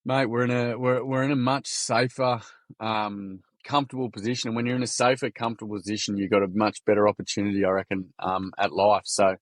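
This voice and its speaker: A man, telling stories in a casual interview in a blunt, matey, energetic way. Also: fairly low pitch, brisk, no echo. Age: 40s. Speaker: guest, workshop founder.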